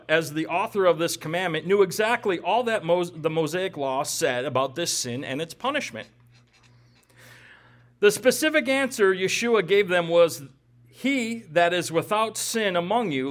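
A man with a rather high voice teaches through a scripture passage verse by verse. He lectures with firm emphasis and now and then drops a dry, joking aside. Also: a bit bright. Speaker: Bible teacher.

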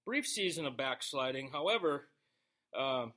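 Speaking a little slowly in an expressive, mid-range voice that's pushed and bright, this pastor works through a Bible passage casually. He keeps it conversational, dropping joking asides to his congregation between verses.

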